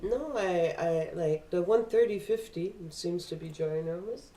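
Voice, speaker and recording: Woman, co-trader, short casual comments, warm tone, distant mic, faint noise. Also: on the low side, a little slow, reverberant. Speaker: co-trader on stream. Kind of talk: casual chat.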